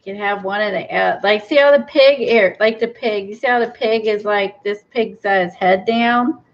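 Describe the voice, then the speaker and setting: A craft video host with a mid-range voice talks at a moderate pace, chatting casually and thinking aloud as she crafts. She gushes over little finds, and the recording has a dull, lo-fi quality.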